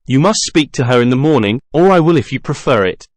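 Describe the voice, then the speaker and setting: A gentle, hesitant young woman, as a male narrator reads her lines, speaking in a measured, middle-pitched voice with a dry, close sound. She comes across as anxious and careful with her words, like a worried daughter in a storybook reading. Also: expressive, no room sound, lightly acted.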